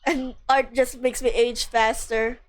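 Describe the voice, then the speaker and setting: A woman's voice: a little high, flat delivery, unhurried. A woman streamer casually chatting and joking about herself while reading game dialogue aloud. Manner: chatty, joking, self-mocking.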